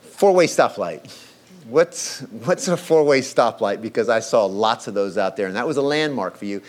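A man's voice: mid-range voice, expressive, moderate pace. A man preaching a sermon, reading scripture aloud and acting out the quoted voices with dramatic emphasis. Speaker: pastor.

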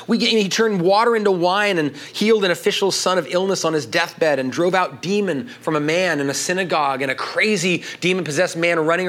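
A middle-aged man preaching a sermon, building to emphatic peaks and then dropping low and quiet. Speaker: pastor.

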